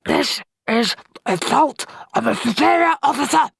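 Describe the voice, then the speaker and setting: A woman's voice: a little high, animated, normal speed, slightly rough, no room sound, studio quality, voice pushed up. A woman voicing a petty male corporal who screams shrilly with rage in a storybook reading. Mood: outraged.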